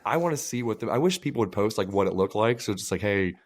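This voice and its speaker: A man co-hosting a casual podcast, telling crude, animated stories and acting out the people in them. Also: on the low side, fast talker. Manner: animated storytelling with acted-out quotes; crude joking. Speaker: podcast co-host. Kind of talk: casual chat.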